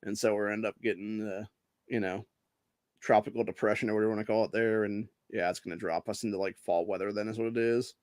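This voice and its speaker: A man's voice: on the low side, steady tone, fast talker, a little mellow, no room sound, clean studio sound. A man from Ohio hosting a podcast, ranting with constant swearing and rambling asides full of dude and bro. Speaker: podcast host. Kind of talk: profane rant and casual monologue.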